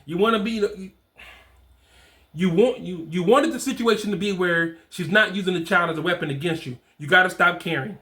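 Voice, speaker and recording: A man's voice: high voice, brisk, pushed and bright. A man in his forties giving blunt fatherhood advice in casual slang, repeating his points for emphasis. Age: 40s. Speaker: fatherhood coach. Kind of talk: advice talk to camera.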